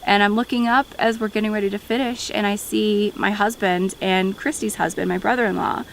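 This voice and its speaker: A woman's voice: medium pitch, fairly even intonation, a little fast, creaky, slight background noise, poor audio. A young woman speaking in a documentary interview, heartfelt and tearful, her voice wavering with emotion. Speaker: daughter of the climber.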